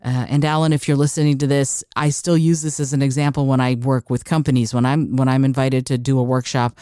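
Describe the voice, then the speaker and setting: A woman's voice: a bass voice, mellow, no room sound. Woman doing a solo podcast, punchy and emphatic, repeats herself for emphasis, dry close sound. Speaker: podcast host.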